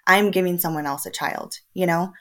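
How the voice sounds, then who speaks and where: Woman, 20s, from El Paso; low-ish voice, casual, animated, laughs a lot while recounting. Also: moderate pace. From El Paso, Texas. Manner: lively, often laughing, acts out quoted dialogue. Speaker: podcast guest. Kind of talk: casual conversational storytelling.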